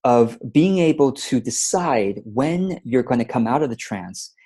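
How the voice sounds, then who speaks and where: A man's voice: medium pitch, expressive, measured pace, dark tone, breathy edge. A man hosting a productivity webinar in a casual, playful way, often acting out his own thoughts. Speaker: webinar host, productivity coach.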